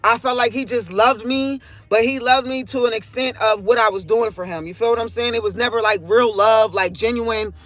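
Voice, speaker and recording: A woman's voice: fairly high pitch, fairly quick, few pauses, fairly bright tone, dry recording. A woman hosting a livestream, talking in a candid, rambling and profane way about her feelings. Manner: profane, rambling, emotionally open. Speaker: livestream host. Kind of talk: casual candid monologue.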